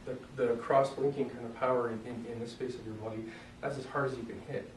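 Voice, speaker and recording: A man's voice: medium pitch, fast, slight background noise. Joking man teaching from far off. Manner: relaxed, joking, often clears throat. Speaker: self-defense instructor. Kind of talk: casual demonstration lesson. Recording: roomy echo, mic far off, faint ambience.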